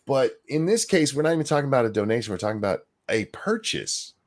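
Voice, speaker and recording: A man's voice: medium pitch, big pitch swings, quick pace. A man co-hosting a casual political chat stream, ranting with profanity and sarcasm and reading chat comments aloud. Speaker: co-host.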